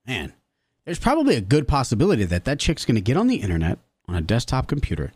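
A man's voice: mid-range voice, fast talker, slightly rough, dry recording. A man co-hosting a casual comedy podcast, telling crude, jokey stories. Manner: animated, crude, jokey storytelling. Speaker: podcast co-host.

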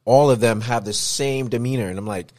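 A man co-hosting a casual chat, talking in an animated way and acting out the people he talks about. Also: medium pitch, brisk, dry recording, studio quality. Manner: animated, acts out people he quotes.

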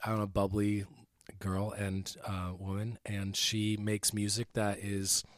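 Easygoing low-voiced man chatting. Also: measured pace. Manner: relaxed, rambling, many fillers. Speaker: podcast co-host presenting an album pick. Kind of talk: casual music podcast chat.

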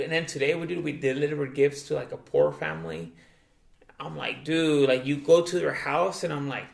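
Gravelly young man rambling casually. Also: on the high side, a little fast. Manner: rambling, heavy swearing and filler "dude". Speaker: guest. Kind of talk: casual chat. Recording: echoey room.

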